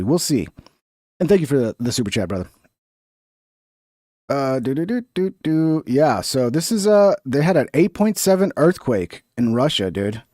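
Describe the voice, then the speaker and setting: A man's voice: medium pitch, darkish tone, dry recording, studio quality. A young American man hosting a live stream, reacting to news in a casual, rambling way with lots of slang and swearing. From United States.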